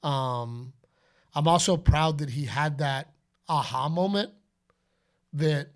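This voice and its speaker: This middle-aged podcast host speaks at a fairly high pitch and takes his time. His casual chat is full of lively stories, complete with acted-out quotes and announcer calls.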